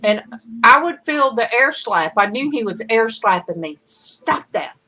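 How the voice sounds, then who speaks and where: A woman's voice: a little high, lively intonation, moderate pace, sharp tone, low-quality recording. A woman hosting a casual livestream, chatting and greeting viewers by name, laughing easily. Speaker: livestream host.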